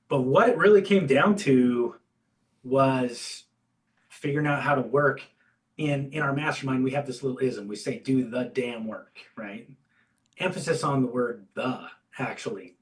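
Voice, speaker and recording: A man telling his career story as an interview guest, candid and animated, acting out bits of dialogue. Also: medium pitch, far from the mic, rough recording. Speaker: guest, insurance agency owner and coach.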